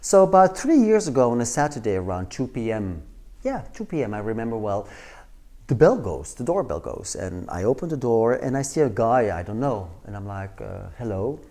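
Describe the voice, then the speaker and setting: A male trainer tells a story with a lively, swooping delivery and a mellow, warm tone. He acts out the scenes as he goes, slipping in and out of the people he describes. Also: mid-range voice, moderate pace. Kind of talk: storytelling lecture.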